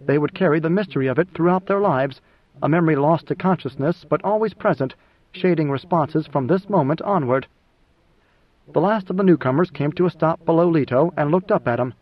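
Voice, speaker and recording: A male audiobook narrator reads scripted narration in a steady, measured storytelling style. His voice is high for a man, and the recording sounds dull and lo-fi.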